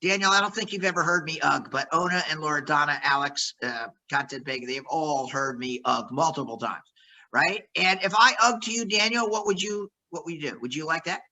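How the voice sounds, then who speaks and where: A man's voice: on the high side, a little fast, pushed and bright, low-quality recording. A man leading a sales workshop, coaching trainees and acting out phone greetings with lots of energy.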